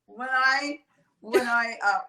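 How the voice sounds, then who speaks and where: A woman from Canada tells a personal story in a loose, chatty way and swears now and then. Her voice has medium pitch for a woman. An echoey room surrounds her voice. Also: slow pace, pushed and bright. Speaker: TV host guest. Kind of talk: casual livestream chat.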